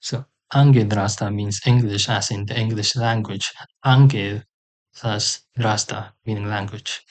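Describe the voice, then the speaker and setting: A man teaching a language lesson, sounding out example words slowly and carefully, with pauses and fillers. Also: lowish voice, fairly even intonation.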